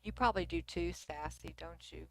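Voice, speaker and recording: A woman's voice: on the low side, moderate pace, no room sound. A middle-aged woman from Texas with a Texan accent, hosting a casual livestream and chatting with viewers at her computer, sometimes dropping to a near whisper. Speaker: livestream host. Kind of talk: casual livestream chat reading comments.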